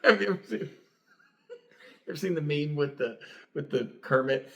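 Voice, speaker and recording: A man's voice: a little high, expressive, normal speed, gravelly, highs cut off. A middle-aged man, a pastor co-hosting a podcast, telling stories in a plain, straightforward way and laughing easily. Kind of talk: casual chat.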